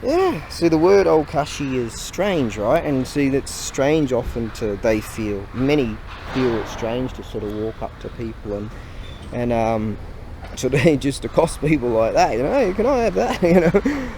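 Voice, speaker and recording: A chatty man, recorded outdoors as a vlogger, talking at an ordinary, middling pitch. Faint traffic noise hums behind him as he rambles on in an easygoing way, breaking into laughter now and then. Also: lively intonation, a little slow, a little mellow. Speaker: vlogger and online seller. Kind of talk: casual chat. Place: outdoors near a hardware store.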